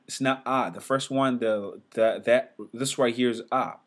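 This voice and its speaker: A man talks through a relaxed whiteboard lesson at an unhurried pace. He repeats each letter sound several times, with fillers and restarts, and his voice sits at an ordinary middle pitch. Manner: slow, repetitive, sounds letters out loud. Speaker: teacher.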